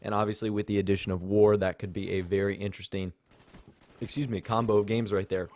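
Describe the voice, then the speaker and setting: A young man hosting a gaming channel rambles casually over his gameplay footage, chatting to viewers with plenty of fillers. His lowish voice is a little mellow, delivered flat and fast.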